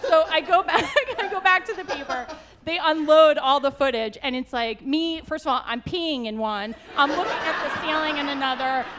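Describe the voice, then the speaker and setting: A woman's voice: sits high, moderate pace, hardly any pauses, fairly bright tone, some chatter behind, slight background noise. An American woman telling a long funny story at a live panel, laughing often and acting out the people she quotes. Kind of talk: animated anecdote at a live panel. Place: auditorium stage.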